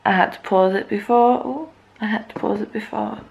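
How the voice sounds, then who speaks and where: A woman's voice: mid-range voice, fairly even intonation, normal speed, vocal fry, darkish tone, a little hiss or hum, rough recording. A woman in her twenties chatting casually to camera at home, rambling and self-mocking. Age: 20s. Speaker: vlogger. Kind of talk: casual vlog chat to camera. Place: at home indoors.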